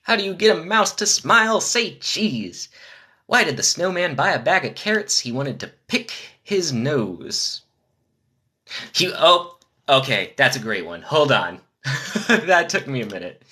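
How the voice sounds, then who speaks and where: A man on a casual live stream, reading dad jokes in quick succession and chatting with viewers between them. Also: medium pitch, big pitch swings, bright, forceful tone, husky. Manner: rapid-fire jokes with chatty asides to viewers.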